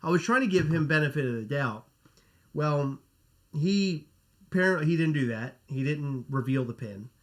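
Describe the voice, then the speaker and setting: Rambling man host, slightly high voice. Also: animated, moderate pace. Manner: rambling, self-correcting, swears. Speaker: podcast host. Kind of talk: casual livestream chat.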